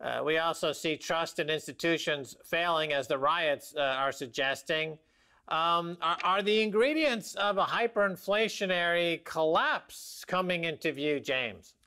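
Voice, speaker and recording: A male host riffs on markets in a wry, joking way, laughing at his own punchlines. His voice sits somewhat high for a man. The delivery is loose and conversational. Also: measured pace, bright, forceful tone, clean tone. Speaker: show host. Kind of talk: casual financial talk show banter.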